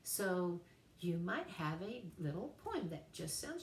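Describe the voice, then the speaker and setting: A woman writing teacher giving a recorded class lecture, chatty and playful, slowing down to spell out examples. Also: on the low side, sing-song, roomy sound, far from the mic, a little hiss or hum.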